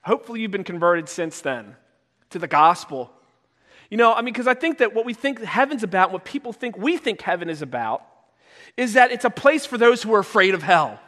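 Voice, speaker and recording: With a sing-song, slightly quick delivery, a high-voiced male pastor preaches a sermon that rings through a sanctuary's long reverb. His conversational manner gives way to loud, shouted voices as he enacts stories.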